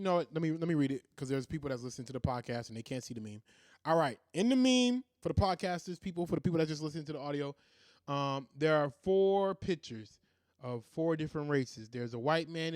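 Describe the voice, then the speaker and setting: A man's voice: mid-range voice, dry recording, studio quality. A man hosting a podcast in a casual, profane monologue who keeps breaking into laughter. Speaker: podcast host.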